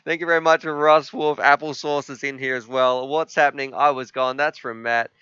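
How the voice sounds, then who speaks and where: A man hosting a live stream, chatting casually and reading chat messages aloud, sometimes halting with emotion. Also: mid-range voice, fairly even intonation, sharp tone, clear, resonant tone, no echo. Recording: slightly dull, dry sound.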